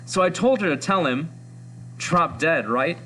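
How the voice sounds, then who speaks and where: A man's voice: on the high side, expressive, unhurried, pitched above the performer's own voice. A man voicing a chatty teenage girl, gossiping in a dramatic, lilting way while reading a comic aloud. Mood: gossipy.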